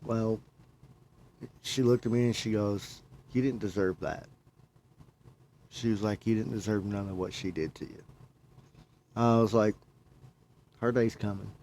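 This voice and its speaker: A man's voice: on the low side, unhurried, gravelly, long pauses, darkish tone, a little hiss or hum. A man talking casually, telling a long personal story and often quoting himself. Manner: rambling, repeats himself, quotes himself. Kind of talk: casual chat.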